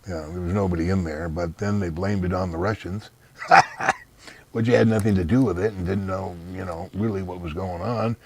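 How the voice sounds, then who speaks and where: A man's voice: deep voice, fairly even intonation, normal speed, slight background noise. A man being interviewed in casual conversation, blunt and dismissive, giving long rambling explanations. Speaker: interview guest.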